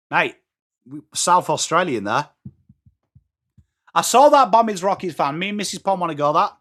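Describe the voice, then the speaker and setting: A man from England with an English accent, hosting a live sports watchalong, chatting excitably with viewers between calls of the play. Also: high-pitched, moderate pace, long pauses. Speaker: watchalong host.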